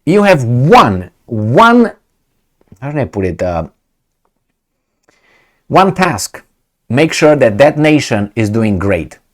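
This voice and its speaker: A man's voice: mid-range voice, very animated, slow, pauses often. Heated, sarcastic middle-aged man ranting. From Romania. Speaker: commentator. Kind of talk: ranting video commentary.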